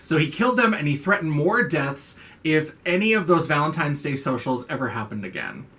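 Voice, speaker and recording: A woman's voice: low voice, expressive, brisk, fairly bright tone. A young woman hosting a horror movie video channel, chatting playfully with sarcastic, theatrical asides. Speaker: horror vlogger. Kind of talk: casual video chat.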